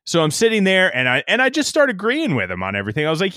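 A middle-aged man talks very fast in a high-pitched voice, guesting on a podcast with an animated sales anecdote. He laughs frequently and quotes himself, and the studio recording carries no room sound.

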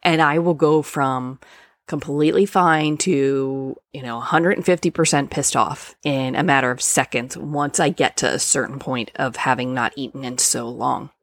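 A woman with a low, gravel-edged voice speaks frankly about her own experience, as a coach would. She talks loosely, with fillers and the odd curse. The sound is dry and close, with no room around it. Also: normal speed, no echo. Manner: frank and conversational, swears freely, many fillers. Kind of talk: candid personal storytelling monologue.

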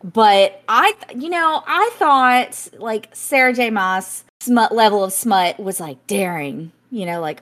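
A woman's voice: a little high, very animated, slow pace, fairly bright tone. A woman co-hosting a book podcast, talking in a giggly, self-conscious, rambling way with many fillers. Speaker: podcast co-host. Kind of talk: casual book review chat.

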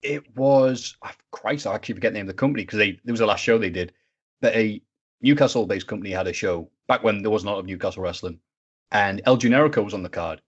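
A rapid man chatting as a podcast guest. He tells anecdotes animatedly and slips into mimicking others. The audio is muffled and lo-fi. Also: lowish voice, slightly rough. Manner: animated, acts out voices in his stories, swears. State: sick, stuffy. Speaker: interview guest, video maker. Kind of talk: casual podcast storytelling.

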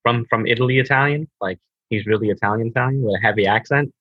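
A man's voice: mid-range voice, fast, no room sound. A laid-back man co-hosting a casual gaming podcast, chatting and reading a listener's message. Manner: laid-back, says bro, slurs over restarts. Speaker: podcast co-host. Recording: dull lo-fi mic.

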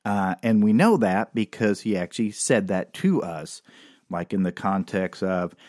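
A man's voice: low-pitched, measured pace, a little mellow, no room sound. A middle-aged man from Oklahoma, telling a funny story from his own life in a wry, casual way with dry asides and lots of fillers. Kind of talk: comedic personal storytelling.

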